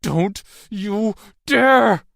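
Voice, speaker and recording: A man voicing a frightened young woman, raising his voice high and strained as she pleads. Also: fairly even intonation, moderate pace, no echo, clean studio sound, natural voice. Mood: screaming. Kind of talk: audiobook character voice.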